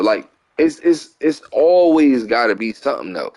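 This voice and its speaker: A young man with a Philadelphia accent, casually telling a long profane story while gaming, rambling and animated, often asking "you get what I'm saying". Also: mid-range voice, normal speed, creaky. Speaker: gaming channel host. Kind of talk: casual storytelling over gameplay.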